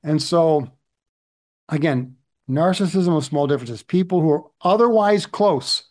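Middle-aged male pastor, slightly higher voice, chatty sermon delivery with rhetorical asides. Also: expressive, unhurried, pauses often, darkish tone. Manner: conversational, frequent "right?" asides.

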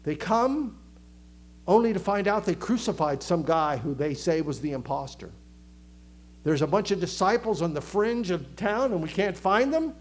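A man preaching a sermon with a Southern American accent, animated, acting out crowd voices and dropping to a hush for emphasis. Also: high voice, normal speed. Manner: animated, acts out crowd voices, swings from loud to hushed. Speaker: pastor.

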